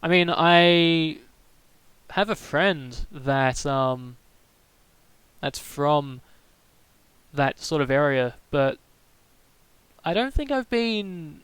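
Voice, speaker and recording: A young man from Melbourne with a slightly raised pitch and a smooth, clean voice, recorded dry and close. He rambles through casual stream chat, stopping and restarting his sentences as he answers viewers. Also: animated, extremely slow, long pauses, fairly bright tone, no room sound, poor audio. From Melbourne, Australia.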